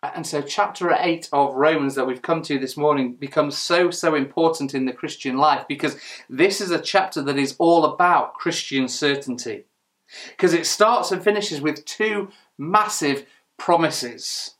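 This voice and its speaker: A man's voice: on the high side, unhurried, fairly bright tone. Male preacher with a slightly raised voice delivering an earnest, emphatic sermon. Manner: earnest, emphatic, with rhetorical questions and small restarts.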